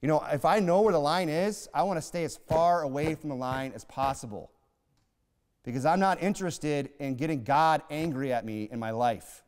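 A man's voice: on the high side, moderate pace, smooth. A male pastor preaching a sermon in a church, emphatic and conversational, full of rhetorical questions. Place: church sanctuary. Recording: long hall reverb.

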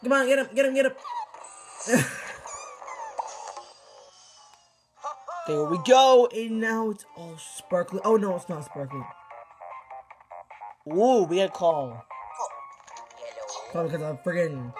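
A teenage boy giving excitable, rambling commentary over his gameplay, full of exclamations and restarts. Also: sits high, moderate pace, pauses often, over music, poor audio. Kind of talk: casual game commentary.

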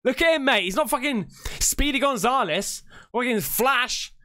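Excitable high-pitched man swearing. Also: moderate pace, no echo, studio quality. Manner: excitable, swearing freely, rambling. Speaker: reaction video host. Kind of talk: casual reaction commentary. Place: hot indoor room.

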